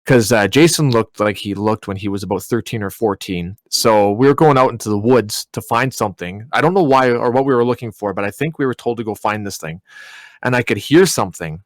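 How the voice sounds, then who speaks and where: Animated guy telling a story. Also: on the low side, fairly quick, no echo. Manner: animated, swearing, laughing retelling. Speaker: podcast co-host. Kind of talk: casual storytelling.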